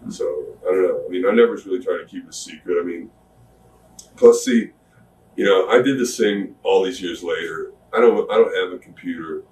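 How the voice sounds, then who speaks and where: Retired wrestler, middle-aged, deep and drawling, animated retelling; roomy far-off mic, faint background hum. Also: male voice, a little fast. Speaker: retired pro wrestler telling stories. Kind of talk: shoot interview, candid storytelling.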